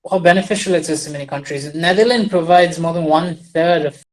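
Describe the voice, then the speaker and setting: A man's voice: fairly high pitch, fairly even intonation, fairly quick, poor audio. A man giving a rambling, digressive casual monologue while sharing his screen, with wry, self-deprecating asides and frequent restarts. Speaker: commentator on farming trends.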